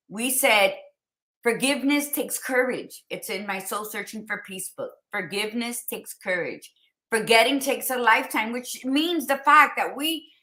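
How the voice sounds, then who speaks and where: A woman's voice: mid-range voice, fairly bright tone. A woman co-hosting a motivational podcast, talking emphatically and repeating her questions for effect. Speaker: podcast co-host.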